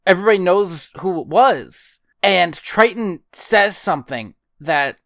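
A woman's voice: lowish voice, animated, a little slow, a bit bright. A woman co-hosting a podcast in casual chat, dryly funny and exasperated, swearing casually. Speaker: podcast co-host.

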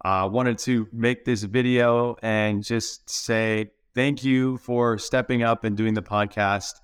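Earnest man with a smooth voice. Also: mid-range voice, steady tone, slow, dry recording, studio quality. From Washington State, USA. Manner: earnest, polite, with frequent uh fillers. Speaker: listener asking a question. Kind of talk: recorded video question.

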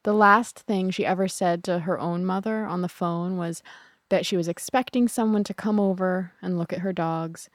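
A woman narrating a true crime podcast in a somber, measured way. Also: on the low side, fairly even intonation, no room sound, studio quality.

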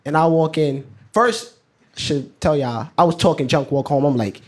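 A teenage boy tells a story from his own life on stage. His voice sits a bit higher than most men's, and he talks in a loose, slangy way, often laughing along with his own words. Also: moderate pace. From New York. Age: teens. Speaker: student storyteller. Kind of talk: live personal storytelling.

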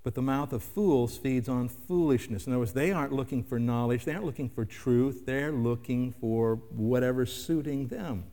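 A man's voice: medium pitch, moderate pace, few pauses, dark tone. An older man preaching a sermon in a conversational way, asking the listeners rhetorical questions. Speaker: pastor. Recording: long hall reverb.

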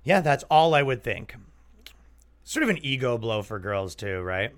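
A man's voice: mid-range voice, sing-song, normal speed, fairly bright tone. A young man hosting a comedy podcast, chatting loosely and jokingly, slipping into exaggerated mock voices. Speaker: podcast host. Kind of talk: casual comedic podcast riffing.

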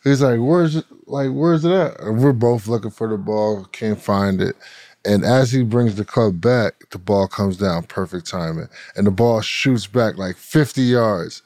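A man's voice: lowish voice, measured pace, darkish tone, no echo, clean studio sound. A man co-hosting a podcast, chatting in a laid-back way and telling a funny golf story. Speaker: podcast co-host. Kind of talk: casual chat.

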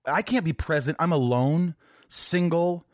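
A man's voice: on the high side, unhurried, dry recording, studio quality. A man hosting a podcast, chatting in a scattered, joking way. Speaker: podcast host. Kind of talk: casual chat.

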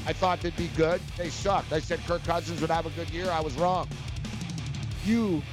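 A man's voice: on the high side, steady tone, moderate pace, music in the background. A man hosting a sports talk show, ranting and mocking in a heated way.

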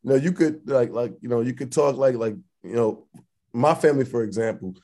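A man's voice: mid-range voice, a little fast, mellow. A man co-hosting a podcast, rambling through his point with slang and restarts in casual chat. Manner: rambling, many fillers and restarts, slang-heavy. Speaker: podcast co-host.

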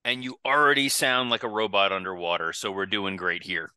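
A man's voice: low-pitched, steady tone, a little fast, sharp tone, clean tone, no room sound. A man hosting a podcast in casual chat, loose and swearing, often restarting his sentences. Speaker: podcast host.

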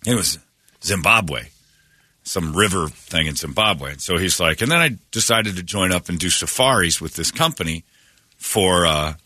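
Give me a deep-voiced, bright-toned man telling a story on morning radio. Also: normal speed, no room sound, clean studio sound. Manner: excitable, retells stories with quoted voices and restarts. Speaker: radio show host. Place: radio studio. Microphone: studio microphone.

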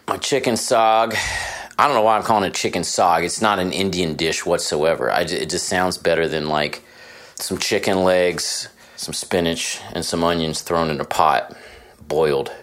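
Low-voiced male host, loose and profane, talking off the cuff. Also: moderate pace, fairly bright tone. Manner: rambling, self-deprecating, profane. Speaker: podcast host. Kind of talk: casual monologue. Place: hotel room.

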